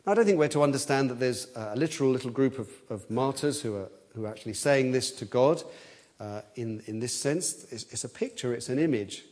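Briskly and in a darkish tone, a man preaches an expository sermon with earnest conviction. He repeats words as he thinks aloud, and quoted cries send his voice up in pitch and force.

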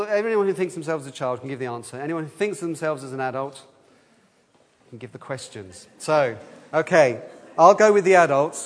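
A man leading a children's talk in church, lively, asking the room questions and leading call-and-response answers. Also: medium pitch. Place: church hall. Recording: long hall reverb.

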